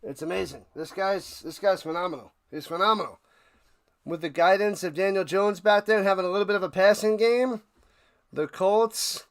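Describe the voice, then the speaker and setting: A man hosting a live watch party, calling plays casually and chatting with viewers, bursting into loud hype on big plays. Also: high voice. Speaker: watch party play-by-play host. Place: home room, his man cave.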